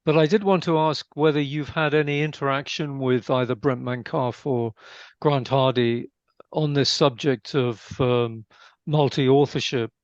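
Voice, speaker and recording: A man's voice: medium pitch, no room sound. A man joining a casual interview as a co-panelist, teasing dryly before asking his question. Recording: dull, dry sound.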